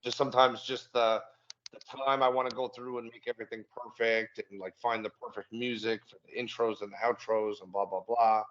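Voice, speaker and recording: A man's voice: mid-range voice, little pitch movement, fairly quick, a bit bright. Man, podcast guest, easygoing, casual swearing, dull lo-fi audio. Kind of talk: casual chat.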